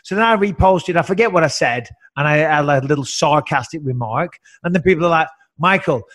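A man's voice: on the high side, fast talker, fairly bright tone. A man with an English accent co-hosting a podcast, telling rambling stories in a sarcastic, casual way. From England. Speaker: podcast co-host.

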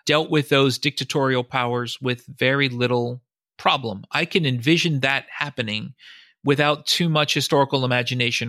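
A man's voice: medium pitch, bright, forceful tone, no echo, studio quality. A man, a historian and author, giving long explanatory answers in a podcast interview, often quoting sources and thinking aloud.

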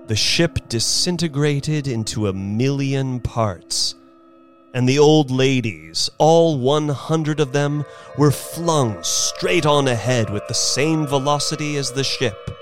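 Unhurried, expressive male storyteller. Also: mid-range voice. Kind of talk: dramatic story reading.

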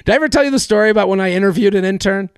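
A man in his thirties hosting a podcast, telling stories in a rambling, animated way with many restarts. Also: high-pitched, rapid-fire, smooth, no room sound, clean studio sound. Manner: rambling, animated storyteller with frequent laughs and restarts. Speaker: podcast host. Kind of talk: casual podcast chat and storytelling.

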